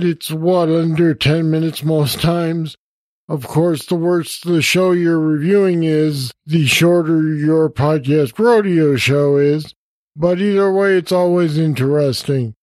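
A man's voice: a little high, darkish tone, no echo. A man in a friendly, plain-spoken voice message to a podcast host. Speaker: podcast guest caller. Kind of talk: recorded voice message.

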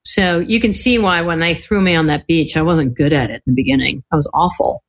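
This older woman's voice sits low and moves briskly. A guest on a podcast, she tells stories in a casual interview, laughing frequently and acting out the voices of whoever she's quoting.

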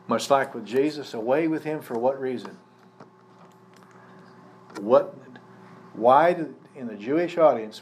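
A male pastor preaches his sermon during a live service, guiding the congregation through a passage in a conversational, teaching style and asking them questions along the way. His pitch is an ordinary middle, and a faint noise hum sits beneath the audio.

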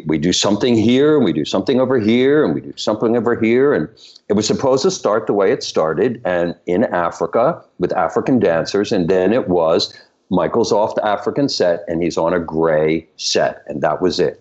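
An older man being interviewed as a choreographer guest, telling stories in an animated way and laughing between them. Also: lowish voice, normal speed. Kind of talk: anecdotal interview storytelling. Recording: dull lo-fi recording.

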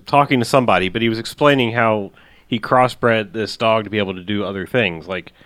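A man's voice: fairly low pitch, brisk, a bit bright, no room sound. Man recapping a movie, dry sound. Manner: recaps the plot and corrects the scene order. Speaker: podcast co-host. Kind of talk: casual movie recap chat.

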